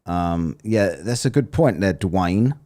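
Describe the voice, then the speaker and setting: A man's voice: sits low, lively intonation, slow pace, warm tone. A British man hosting a live stream, joking bluntly and swearing casually as he reads viewer messages. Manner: jokey, blunt and sweary, with exaggerated mock voices. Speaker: live stream host reading super chats.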